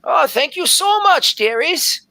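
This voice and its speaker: A man's voice: extremely high pitch, sing-song, unhurried, bright, forceful tone, no room sound, voice pushed up, full character voice. A man voicing an ancient, nimble elven woman scribe who stammers and calls people dearie. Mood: fussy.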